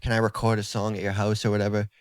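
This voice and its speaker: A man's voice: on the low side, very fast, smooth, no room sound. A man in his twenties from South Boston with a strong Boston accent, chatting casually as a podcast guest and dropping "like" everywhere. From South Boston, USA. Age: 20s. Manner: relaxed, filler-heavy talk with many "like"s. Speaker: podcast guest, therapist and rapper. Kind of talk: casual interview chat.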